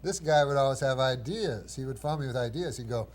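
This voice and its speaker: A man in his forties telling a long, rambling anecdote as a talk show guest, deadpan and drawling, sometimes putting on other voices. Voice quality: dry, deadpan storytelling with drawling pauses. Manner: acts out other voices with raised pitch.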